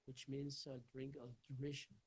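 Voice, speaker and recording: Husky halting man lecturing. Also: medium pitch, monotone, darkish tone, poor audio. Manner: halting, many fillers and restarts. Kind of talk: academic Q&A answer.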